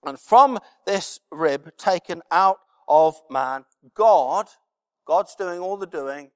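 A man's voice: high-pitched, animated, slow pace. A male preacher giving a sermon, speaking emphatically with repeated phrases and rhetorical questions. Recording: long hall reverb.

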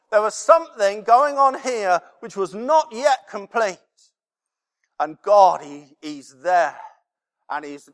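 A male preacher giving a sermon, speaking emphatically with repeated phrases and rhetorical questions. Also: high voice. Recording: long hall reverb.

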